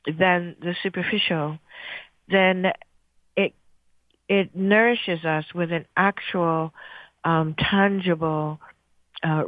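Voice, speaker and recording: A woman radio host slowly guiding listeners through a breathing meditation in a soothing, gentle way. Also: sits low, no room sound. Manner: slow, soothing, gentle guidance. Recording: tinny phone-like line.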